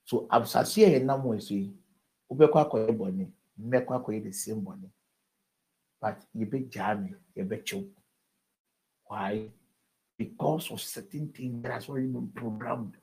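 A pastor at an evening service, earnestly exhorting the congregation and leading prayer. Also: male voice, medium pitch, moderate pace, long pauses, mellow, poor audio.

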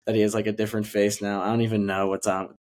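A young man co-hosting a podcast chats casually about movies in a fast, level voice that sits low with a darkish tone. His movie review talk rambles, full of fillers and restarts.

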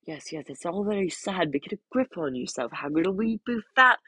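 A man reading aloud as a stern older female witch professor, speaking in a hushed, stern way, with a husky voice. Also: high-pitched, expressive, brisk, no echo, voice pushed up, heavily acted.

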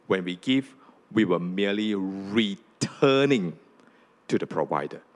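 A man preaching a sermon to a congregation, often asking "okay?" and "right?", and rising high when he reads scripture aloud. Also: lively intonation, measured pace. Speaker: pastor.

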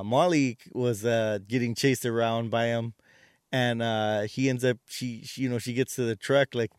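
Male podcast co-host, rambling casual recap, smooth resonant tone, dry close sound. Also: medium pitch, no echo. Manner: rambling retelling with many fillers and restarts. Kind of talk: casual movie recap chat.

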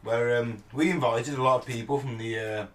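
A man leads a loose podcast chat, rambling through his points with plenty of swearing. He keeps agreeing with his co-hosts as he goes. His voice sits at a middling pitch and sounds a little distant from the mic. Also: fairly even intonation, fairly quick, a bit bright. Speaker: podcast co-host. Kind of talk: casual chat.

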